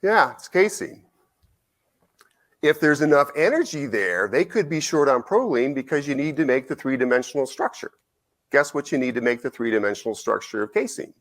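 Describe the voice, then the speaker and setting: A middle-aged man giving a conference lecture. He tells an anecdote in an animated way, acts out both sides of the conversation and often asks "right?". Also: medium pitch, moderate pace. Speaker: nutrition researcher giving a conference talk. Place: lecture hall.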